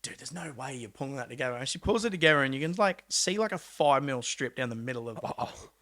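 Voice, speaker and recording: A young Australian man, a pro mountain biker, telling a story in a casual, animated way, acting out quotes with laid-back slang and swearing. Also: mid-range voice, fast talker. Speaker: podcast guest, pro mountain bike rider.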